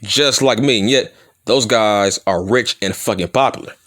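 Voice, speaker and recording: At normal speed, in a lowish and slightly bright voice, a Compton, California wrestling vlogger delivers a profane, taunting heel promo. His speech is mushy and slurred, broken by stutters, and he swears often in a combative rant.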